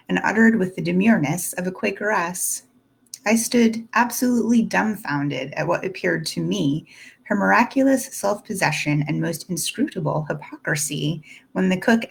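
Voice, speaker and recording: Husky-voiced woman narrating a classic novel. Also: lowish voice. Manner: steady, deliberate first-person reading. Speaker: audiobook narrator.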